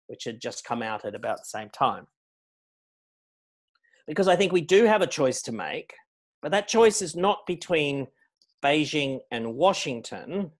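A middle-aged man giving a public lecture as guest speaker, measured and anecdotal, stressing key words. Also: medium pitch. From Australia. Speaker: guest speaker on foreign policy.

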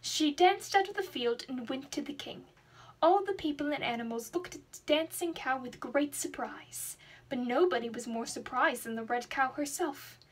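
A young woman reading a children's storybook aloud in an expressive, dramatic way. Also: sits high, moderate pace. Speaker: student reader.

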